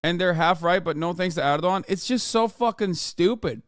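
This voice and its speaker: A sarcastic, foul-mouthed male streamer in his thirties, from Turkey and a native Turkish speaker, riffing on his chat. His voice sits a bit high, smooth and clear. The sound is dry and close, with no room around it. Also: normal speed, no room sound. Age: 30s. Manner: profane, sarcastic, laughs loudly at chat. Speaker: streamer and political commentator. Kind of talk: casual livestream commentary reading chat.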